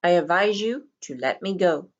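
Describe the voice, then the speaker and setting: A woman reads the part of a small boy under a spell, speaking with a cold, bland calm. His words come slowly and reasonably, never rising to anger. It sits a little low for a child. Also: dull audio, close to an everyday voice. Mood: eerily calm. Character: boy, the young protagonist's hypnotized little brother, cold and eerily calm.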